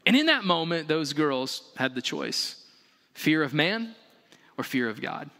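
A male pastor preaches in a large church hall. His voice is bright and forceful and sits a little high. He hammers repeated rhetorical questions and swings between loud and hushed, with a long reverb behind him. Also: animated, a little slow. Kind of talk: sermon.

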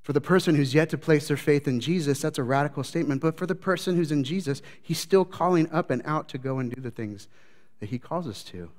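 A man preaching a sermon as pastor, swinging between loud, lively retellings and low, quiet reflection. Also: a little fast. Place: church sanctuary. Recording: long church reverb.

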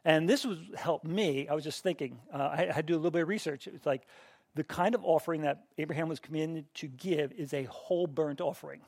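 Gravelly-voiced middle-aged man teaching a class. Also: a little high, brisk, darkish tone, dry recording, studio quality. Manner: conversational, questions the class, frequent restarts. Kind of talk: interactive Bible teaching.

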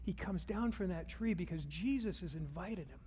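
High-voiced preacher in a reverberant hall. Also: male voice, animated, normal speed, slight background noise. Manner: storytelling, drops to a hushed voice for the retold scenes. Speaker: pastor. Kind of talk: sermon.

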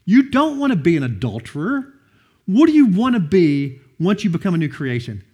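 A middle-aged man preaching a sermon, telling personal stories with an animated, storytelling delivery. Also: high-pitched, normal speed. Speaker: pastor.

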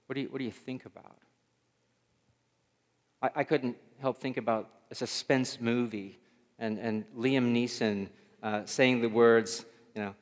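A pastor gives a conversational sermon in a reverberant hall, often repeating words while searching for the right one and putting questions to his listeners. His voice is medium-pitched and unhurried.

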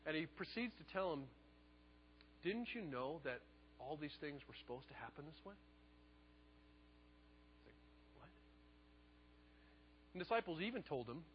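A man preaching a sermon, telling the story in a lively way and acting out the quotes. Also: fairly high pitch, in a large hall, muffled recording, slight background noise. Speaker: pastor.

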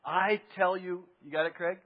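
A man's voice: sits high, steady tone, moderate pace, big-room sound, narrow, tinny audio. A man preaching a sermon as pastor, conversational, with rhetorical questions and asides to the congregation.

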